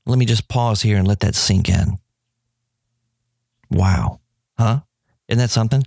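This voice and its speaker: A man talks food on his radio show, rambling and enthusiastic, his voice leaping up whenever something delights him. His middle-pitched voice sits in a dry, close sound. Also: normal speed, gravelly, dry recording. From New Orleans. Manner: enthusiastic, rambling, pitch jumps when excited. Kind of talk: radio talk about food.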